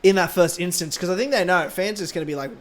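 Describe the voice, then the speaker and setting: A high-pitched man gushes about a show on a casual podcast. He talks excitably and keeps restarting his sentences as his enthusiasm runs ahead of him. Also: quick pace. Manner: excitable, gushing, many restarts. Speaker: podcast co-host. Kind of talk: casual fan review chat.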